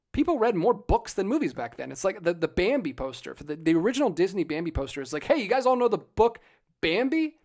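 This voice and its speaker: Animated ranting livestream host, a man. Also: high voice, vocal fry. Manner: animated, ranting, jokey asides. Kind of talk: casual live-stream chat.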